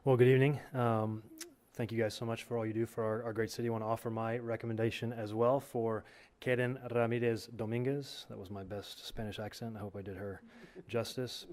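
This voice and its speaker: A man who is a pastor giving a steady, earnest public comment at a school board meeting. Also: fairly low pitch, fast.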